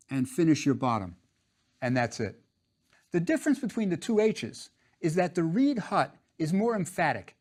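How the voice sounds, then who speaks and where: A man's voice: a little high, big pitch swings, normal speed, a little mellow. A man teaching a drawing lesson, patient and step by step, repeating each instruction.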